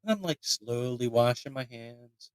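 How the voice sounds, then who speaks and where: A man in his late twenties from Pennsylvania, co-hosting a podcast and telling a profane, animated story with mock voices. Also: medium pitch, measured pace, clear, resonant tone, no echo, rough recording. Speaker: podcast co-host. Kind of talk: casual storytelling chat.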